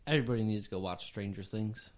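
A man's voice: lowish voice, fast. A man in a casual podcast chat, blunt and insistent, heard a little back from the mic. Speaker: podcast guest.

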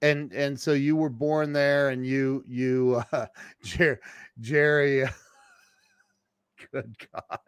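A man's voice: mid-range voice, fairly even intonation, very slow, long pauses, clear, resonant tone, dry recording, studio quality. A man hosting a casual interview, stammering through restarts and laughing often. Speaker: podcast host.

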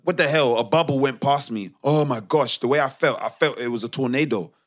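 A man's voice: mid-range voice, fairly quick. A man co-hosting a casual podcast, telling a story emphatically with lots of restarts. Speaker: podcast co-host.

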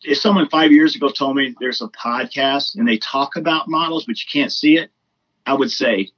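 A man's voice: medium pitch, moderate pace, muffled recording. A man guest on a podcast, chatting casually and effusively, rambling with lots of fillers. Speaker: comedian. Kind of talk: casual chat.

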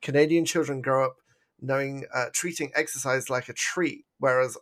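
A man's voice: medium pitch, fairly even intonation, moderate pace, a bit bright. A man in his forties with an English accent, chatting as a podcast co-host, self-mocking and laughing often. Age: 40s. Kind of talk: casual chat.

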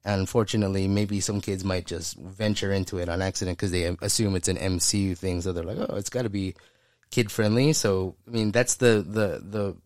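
A low-pitched man co-hosts a casual pop-culture podcast, rambling enthusiastically and laughing frequently. He talks fairly quickly with few pauses and fairly even intonation, his voice a little mellow, in a dry recording with clean studio sound.

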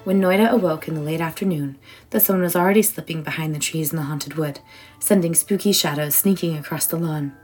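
A woman reading a children's bedtime story aloud in a warm, expressive way. Her voice sits fairly low, and soft music plays quietly behind her. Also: a little fast, husky, rough recording.

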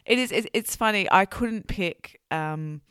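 A woman hosting an interview, telling stories in a casual, animated way. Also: medium pitch, a little slow, smooth, no room sound, clean studio sound. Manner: animated, laughing storyteller.

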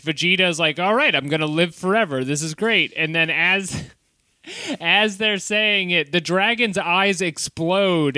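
A man co-hosting a podcast, recapping an episode in a jokey, casual way with quick asides and frequent laughs. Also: high voice, pushed and bright, smooth, no echo. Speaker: podcast co-host. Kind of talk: casual comedic recap chat.

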